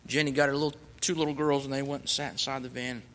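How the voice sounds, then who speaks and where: A man's voice: medium pitch, little pitch movement, quick pace, fairly bright tone, long reverb tail. A man, a missionary, earnestly telling his personal testimony, swelling with fervor when he recites scripture.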